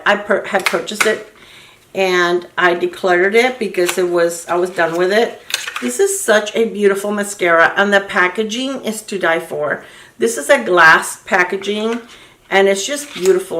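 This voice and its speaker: A woman in her sixties gushes through a beauty unboxing with chatty enthusiasm. Her voice sits at an ordinary middle pitch and comes from a little way off the mic. The room adds a noticeable echo, with a faint hiss underneath. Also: a bit bright. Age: 60s. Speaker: beauty vlogger. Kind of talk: casual product unboxing chat. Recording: roomy echo, distant mic, faint noise.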